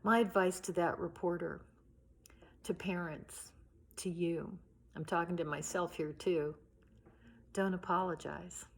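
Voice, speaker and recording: Earnest middle-aged woman talking to teachers from home, voice sits a bit low. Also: fairly even intonation, a little slow, breathy edge. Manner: earnest, heartfelt, storytelling. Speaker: union leader addressing teachers. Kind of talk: recorded video address.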